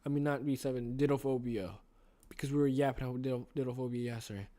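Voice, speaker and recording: A man's voice: mid-range voice, fairly even intonation, quick pace, dark tone. A young man chatting casually and reading a novel aloud. He rambles, restarts his sentences and talks to himself.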